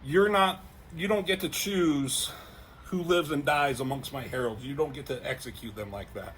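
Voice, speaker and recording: A man's voice: fairly high pitch, normal speed, a bit bright, a little hiss or hum, lightly acted, poor audio. Man doing a casual cosmic giant, slangy and imperious. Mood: scolding. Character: cosmic giant male world-eater, imperious.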